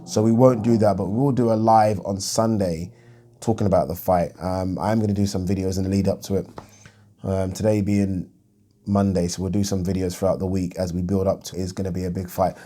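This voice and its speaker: Male host, casual solo boxing commentary, low and warm delivery, blunt and chatty. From United Kingdom. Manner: chatty and blunt, thinking aloud with frequent ums.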